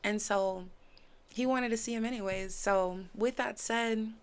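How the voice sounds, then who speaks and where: A woman reviewing a series in casual chat, animated, acting out characters' lines as she recaps. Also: fairly high pitch, unhurried, smooth. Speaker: show reviewer.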